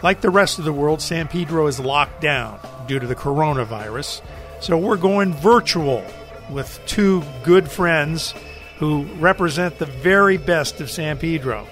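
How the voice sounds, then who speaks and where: A man hosting a local podcast, speaking in a measured, scripted way over a video call. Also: fairly high pitch, animated, fairly bright tone, faint music behind. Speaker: podcast host.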